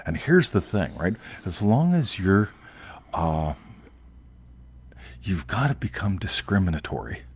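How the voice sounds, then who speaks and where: Deep husky rambling man hosting. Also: big pitch swings, measured pace, pauses often, a little mellow. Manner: rambling, emphatic, repeats "right?", swears casually. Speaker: host. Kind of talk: casual chat.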